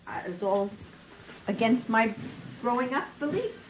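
A woman's voice: fairly high pitch, big pitch swings, moderate pace. Middle-aged woman, mother, firm lecturing tone, muffled lo-fi recording, light hiss. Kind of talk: family argument. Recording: dull lo-fi home recording.

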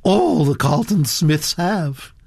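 A man's voice: a little high, lively intonation, vocal fry, a little mellow, husky, dry recording, studio quality, voice pushed up, full character voice. Man doing a bossy elderly duchess. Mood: imperious. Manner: brisk, commanding, disapproving. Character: imperious elderly duchess, blunt and domineering.

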